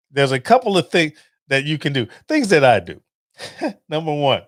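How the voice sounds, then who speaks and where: A man with a slightly high voice hosts a podcast, chatting in a lively casual monologue full of stories, laughter and acted-out phone calls. The sound is studio quality, without echo.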